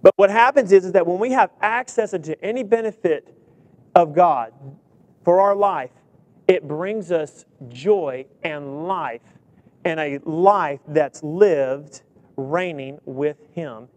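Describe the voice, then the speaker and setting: High-voiced man preaching a sermon. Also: a little slow. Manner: humorous, asks the congregation many questions; reads scripture aloud.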